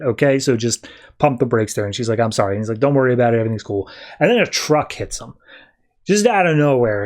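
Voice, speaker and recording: A man's voice: mid-range voice, a little mellow. Casual man recapping a comic. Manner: retells the plot in quick quoted back-and-forth, lots of "like". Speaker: podcast host.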